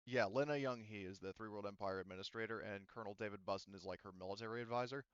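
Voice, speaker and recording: A man's voice: on the low side, fast talker, smooth, no room sound, lo-fi sound. A man running a tabletop game, explaining the setting loosely with lots of fillers. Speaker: game master.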